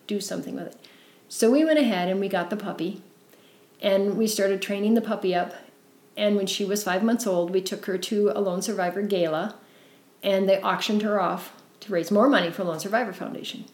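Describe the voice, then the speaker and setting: A middle-aged woman telling her story in an interview, earnest and warm, with frequent fillers. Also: medium pitch, echoey room. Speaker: guest, founder of a service dog foundation.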